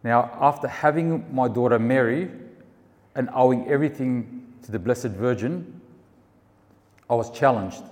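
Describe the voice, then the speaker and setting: Man telling a faith story in a reverberant hall. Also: mid-range voice. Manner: animated storytelling, acts out the people he quotes. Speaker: storyteller sharing a faith testimony. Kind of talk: casual spoken testimony.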